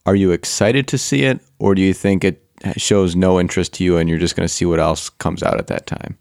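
A man's voice: low voice, steady tone, brisk, vocal fry, a little mellow, dry recording, clean studio sound. A man co-hosting a podcast, chatting casually and asking questions. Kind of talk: casual chat.

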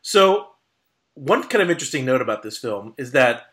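A man co-hosting a podcast, talking casually about classic films with halting restarts and frequent laughter. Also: mid-range voice, very animated, fairly bright tone. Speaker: podcast co-host. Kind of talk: casual film discussion.

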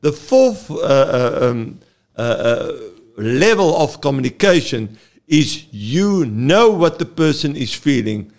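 A man, a therapist, explaining earnestly in an interview, halting often with fillers. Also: on the high side, sing-song, a little mellow. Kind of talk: explaining in a talk-show interview.

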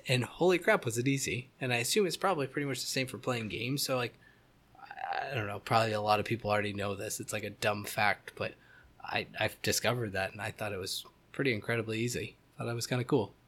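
A man's voice: mid-range voice, steady tone, fast, a bit bright. A man in his thirties co-hosting a casual gaming podcast, rambling and joking with many restarts. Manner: rambling, self-correcting, joking. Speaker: podcast co-host. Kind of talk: casual chat.

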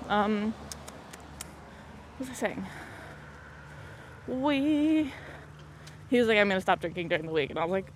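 A woman's voice: a little high, slight background noise. A young woman hosting a casual solo podcast, rambling and laughing often as she talks on a walk, recorded on a phone in her pocket. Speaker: podcast host. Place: outdoors on a muddy walk.

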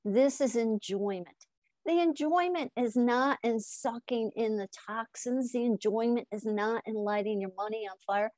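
Animated woman telling stories on a podcast. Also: on the high side, measured pace, dry recording. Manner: animated storyteller acting out dialogue, frequent "right?". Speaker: hypnotist guest. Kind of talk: conversational podcast interview.

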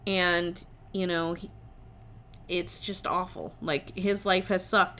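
A woman's voice: medium pitch, pushed and bright. A woman co-hosting a casual chat, enthusiastic and rambling with fillers as she talks about a movie.

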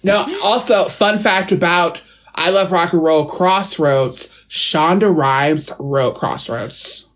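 A woman's voice: fairly low pitch, slow. A woman in her thirties co-hosting a casual chat podcast, dramatic and laughing often. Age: 30s. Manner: laughs a lot, dramatic, sings out phrases. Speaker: podcast co-host.

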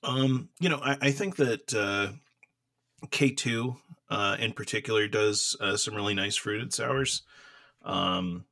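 A man's voice: mid-range voice, animated, slow pace, creaky, sharp tone, no echo. A man co-hosting a casual beer podcast from home, rambling with lots of fillers and laughs, and coughing from dry air. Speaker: podcast co-host. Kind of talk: casual chat about beer. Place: home room.

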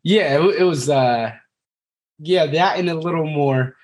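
A man's voice: a little high, unhurried, darkish tone. A man in his thirties, a podcast guest, telling his personal story candidly and in a rambling way, cursing now and then. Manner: rambling, frank, curses casually.

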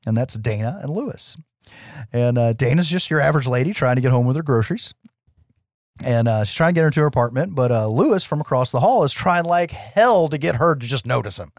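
A man's voice: mid-range voice, expressive, brisk, no echo, studio quality. A man co-hosting a podcast, recapping a film in casual chat, swearing freely and laughing often. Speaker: podcast co-host.

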